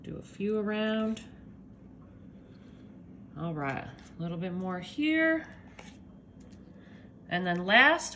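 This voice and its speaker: A woman's voice: fairly high pitch, fairly bright tone, a little hiss or hum. A woman hosting a casual home cooking demo, chatty and upbeat, calling her viewers y'all. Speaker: home cook host.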